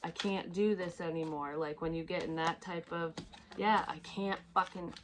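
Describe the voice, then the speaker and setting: A woman's voice: on the low side, steady tone, normal speed, noisy background. A woman giving a casual tarot reading, chatty, swearing freely and laughing at herself. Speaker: psychic tarot reader.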